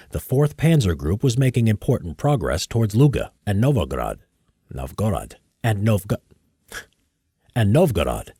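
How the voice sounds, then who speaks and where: A man's voice: lowish voice, dark tone, husky, no echo, clean studio sound. A man recording history narration takes live, chatting casually between careful read-throughs. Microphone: studio microphone.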